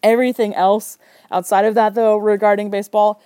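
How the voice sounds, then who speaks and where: A woman podcast host recapping a movie in a sarcastic, animated way with joking asides. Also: medium pitch, brisk, dry recording, clean studio sound.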